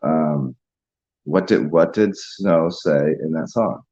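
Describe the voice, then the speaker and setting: A man's voice: very deep voice, slow, mellow, lo-fi sound. A man hosting a casual livestream, rambling, laughing and chatting with viewers over a beer. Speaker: livestream host.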